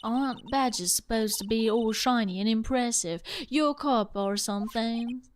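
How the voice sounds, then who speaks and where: A woman's voice: a little high, normal speed, a little hiss or hum, natural voice. A woman voicing a brash, boastful Southern woman photographer, reading game dialogue aloud in a put-on Southern accent. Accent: put-on American Southern. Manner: drawling, boastful.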